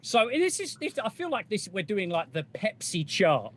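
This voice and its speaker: A man's voice: high-pitched, sing-song, moderate pace, a bit bright, slight background noise. An English man co-hosting a podcast, chatting in a casual, rambling way with lots of fillers and restarts. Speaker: podcast co-host. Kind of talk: casual banter.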